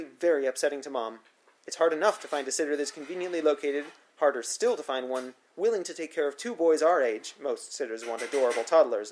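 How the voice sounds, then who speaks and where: A man's voice: fairly high pitch, a little hiss or hum. Dry, wry male memoir narrator. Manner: dry, wry, matter-of-fact storytelling. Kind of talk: first-person memoir narration.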